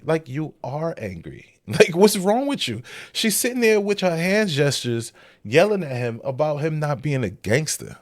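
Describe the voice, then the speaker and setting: A man talking through a clip in casual commentary, blunt and incredulous. His voice swings widely between low and high in pitch, and the sound is dry with no room to it. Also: very animated, a little slow, no echo. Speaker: reaction commentator.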